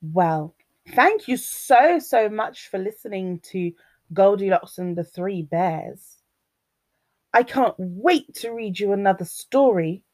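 A woman reading a fairy tale aloud to children, expressive and sing-song, talking to her young listeners. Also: mid-range voice, takes it slowly. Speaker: children's storyteller.

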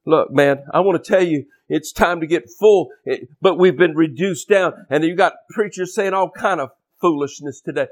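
A man preaching a sermon, fervent, moving between quiet stretches and shouted outbursts. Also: on the high side, a little fast, few pauses.

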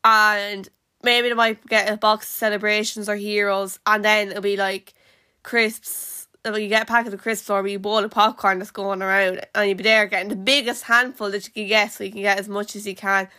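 A woman's voice: medium pitch, flat delivery, normal speed, bright, forceful tone, no room sound, clean studio sound. A woman with an Irish accent hosting a casual live-stream podcast, rambling along with lots of "like" fillers and restarts. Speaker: podcast host.

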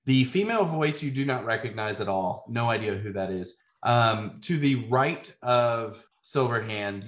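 Man, game master narrating, average pitch, calm storyteller, echoey room. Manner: calm storyteller, frequent ums.

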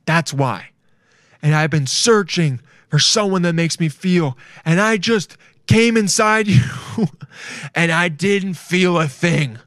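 A man voicing a macho male celebrity who breaks down sobbing and shouting, overwrought and desperate. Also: on the high side, takes it slowly, dry recording, studio quality, voice pushed up. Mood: anguished.

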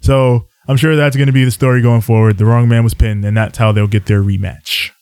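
A man's voice: medium pitch, fairly even intonation, fairly quick, a little mellow, clean tone, dry recording, clean studio sound. A man co-hosting a casual wrestling podcast, easygoing as he moves the recap along. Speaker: podcast co-host.

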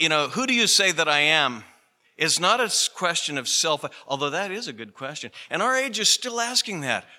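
A male pastor preaching a sermon in a chatty storytelling way, with plenty of fillers, slowing down to stress key phrases. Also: fairly high pitch, pushed and bright. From Pacific Northwest, US. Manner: conversational, storytelling with fillers like "you know". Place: church hall. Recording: radio broadcast of a sermon in a church hall with long reverb.

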